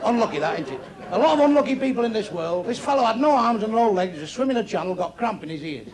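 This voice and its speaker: A man's voice: high-pitched, very animated, fast, over a noisy crowd, rough recording. A man telling crude, swearing-heavy stand-up jokes to a club audience, recorded live. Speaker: stand-up comedian.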